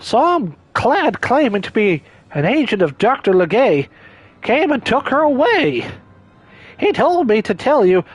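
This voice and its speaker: A man's voice: high-pitched, exaggerated voice. A man doing a jittery odd young stranger. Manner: flustered, rambling.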